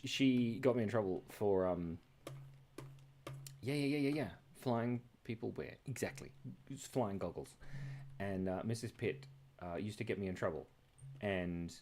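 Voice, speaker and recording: A man's voice: low-pitched, a little mellow, slight background noise. A man hosting a live drawing stream, chatting casually in a playful, rambling way and often breaking off mid-word. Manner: rambling, playful, jumps between random thoughts. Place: indoors at his computer.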